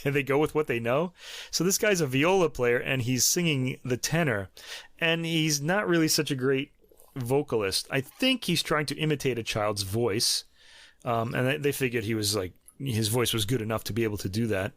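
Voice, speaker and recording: Podcast host, man in his fifties, New York accent, mid-pitched, rambling and hesitant, dry close sound. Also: normal speed, a bit bright, no echo. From New York City. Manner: chatty, hesitant with many ums and restarts, laughs often. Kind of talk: casual music review chat.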